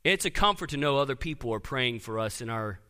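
A pastor preaching a sermon, reading scripture aloud with earnest emphasis and dropping soft on key words. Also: male voice, medium pitch, expressive, brisk, smooth. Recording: long reverb of a large hall.

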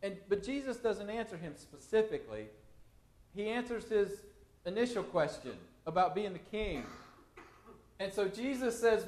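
A male pastor preaching with a high, very lively voice that rises and falls a great deal. He keeps putting questions to the congregation. The room gives his voice a noticeable echo. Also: moderate pace. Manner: animated, questioning the listeners. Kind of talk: expository sermon.

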